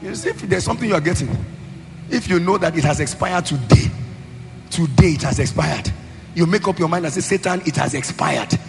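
A man with a Nigerian accent preaching a sermon as pastor, in a sing-song cadence that rises into shouted emphasis. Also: on the high side, animated, brisk. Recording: long hall reverb, faint music.

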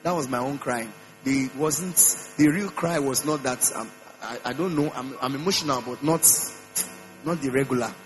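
A man preaching a sermon in a church, emphatic, repeating phrases and swinging his pitch up and down. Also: normal speed, rough recording. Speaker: pastor. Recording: mains hum with faint music behind.

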